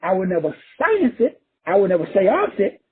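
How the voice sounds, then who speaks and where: Tinny, phone-like audio carries a profane motivational monologue from a man from Texas, USA, who hammers home his points by repeating phrases. He speaks at a moderate pace in a high voice with huge pitch swings.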